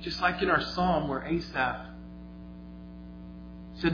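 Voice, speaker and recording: A preacher with a bright, ringing voice retells a story, swinging from hushed to emphatic lines. His voice sits a little high for a man. The sanctuary adds a long echo, the sound is slightly dull, and faint music plays underneath. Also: measured pace, pauses often, slight background noise. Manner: vivid retelling with shifts between quiet and emphatic. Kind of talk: sermon storytelling.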